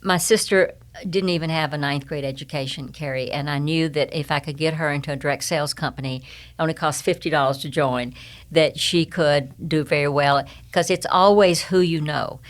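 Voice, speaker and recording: A woman's voice: sits low, fairly quick. Joking older Southern woman. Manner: animated, joking, folksy sayings. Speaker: guest, humorist and speaker. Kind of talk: casual storytelling interview.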